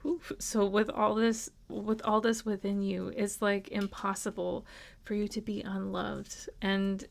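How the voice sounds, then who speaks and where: A woman with a gravelly, fry-laden voice gives a casual tarot reading at home. Her pitch stays fairly even as she speaks in an earnest, reassuring way. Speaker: tarot reader. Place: at home with a dog.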